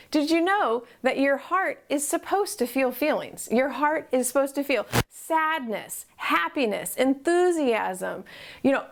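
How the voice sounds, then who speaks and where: A woman life coach giving an upbeat, encouraging talk to camera, often asking the viewer questions. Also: sits high. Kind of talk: motivational promo talk to camera.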